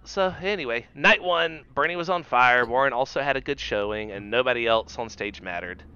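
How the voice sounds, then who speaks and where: A man's voice: medium pitch, pushed and bright, clear, resonant tone, lo-fi sound. A man co-hosting a podcast, steering a casual, joking chat with wry asides. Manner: wry, quick with jokes. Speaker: podcast co-host.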